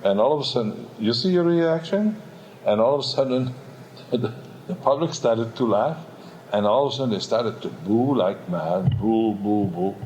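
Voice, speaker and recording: Man, opera singer, rambling anecdote, animated pitch, acts out voices, faint hiss behind. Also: normal speed, highs cut off. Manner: animated, acts out quotes and sounds; rambling with many restarts and "all of a sudden". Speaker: opera baritone telling a stage story. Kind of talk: candid spoken anecdote.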